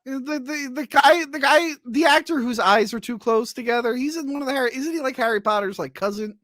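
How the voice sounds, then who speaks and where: A man's voice: extremely high pitch, a little fast, fairly bright tone, dry recording, studio quality. A man hosting a casual movie review podcast. He rambles, with many fillers and restarts. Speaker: podcast host.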